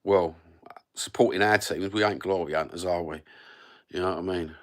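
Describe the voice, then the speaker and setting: A Cockney man in his fifties with a fairly low voice talks straight into his phone on a live stream. He rambles and swears freely with easygoing, blokey banter. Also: fairly even intonation, moderate pace. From London. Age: 50s. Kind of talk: casual live-stream chat.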